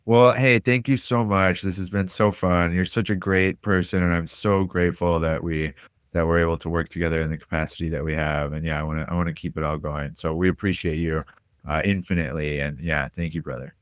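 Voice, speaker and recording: A man hosting a podcast, thanking his guest in a soft, grateful way. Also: sits low, fairly even intonation, a little fast, clean tone, no room sound, studio quality. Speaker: podcast host. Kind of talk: casual thank-you wrap-up.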